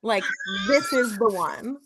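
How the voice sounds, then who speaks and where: A woman hosting a casual podcast chat, bubbly and quick to laugh. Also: on the high side, lively intonation, husky. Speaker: podcast host.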